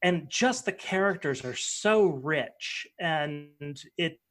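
A man's voice: on the high side, expressive, slow, a bit bright. A male author and podcaster chatting casually in an interview, rambling with many fillers and restarts.

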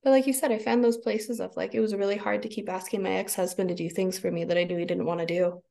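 A woman's voice: mid-range voice, steady tone, fast, creaky, mellow. A woman in her thirties, a podcast guest, talking casually and expressively, laughing often and acting out her own inner voice. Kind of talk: casual conversation.

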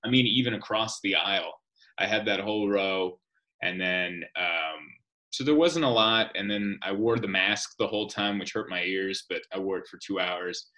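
A man's voice: low-pitched, moderate pace, bright, forceful tone. A man, a comedian, telling wry, joking stories in casual chat. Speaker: comedian guest.

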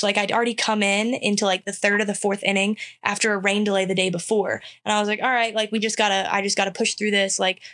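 Woman, twenties, interview guest; lively storyteller who acts out quotes, mid-range voice. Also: mid-range voice. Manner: animated, acts out quotes, laughs often. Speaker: softball pitcher guest.

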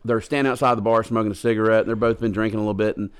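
A man's voice: lowish voice, little pitch movement, rapid-fire, clear, resonant tone. A man co-hosting a podcast in casual chat, rambling and crude as he tells a long dirty joke. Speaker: podcast co-host.

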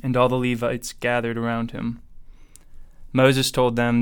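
A man reading scripture aloud as a Bible reader, in a steady, even way. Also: medium pitch, unhurried, clean tone.

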